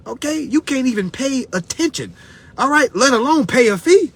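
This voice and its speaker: Man, husky, high-pitched, lively swings, blunt, swearing, preachy live-stream rant. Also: fairly quick. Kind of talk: profane motivational rant. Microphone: phone.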